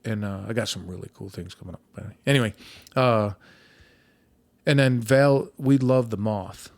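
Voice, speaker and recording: A man's voice: lowish voice, normal speed, a little mellow, no room sound. Chatty podcast host guy, swears casually, rambles through stories, dry close mic. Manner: talkative, swears casually, storytelling with restarts. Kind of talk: casual conversational interview.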